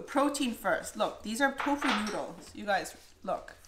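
A woman's voice: medium pitch, expressive, unhurried, noisy background. A woman hosting a casual cooking vlog, chatting playfully and talking straight to her viewers in a home kitchen. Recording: echoey room with background music.

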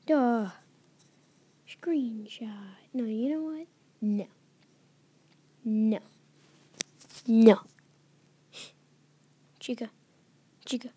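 A woman's voice: a little high, very slow, pauses often, dark tone, husky. A young woman commentating a horror game as she plays, nervous and often dropping to a whisper. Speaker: let's play gamer.

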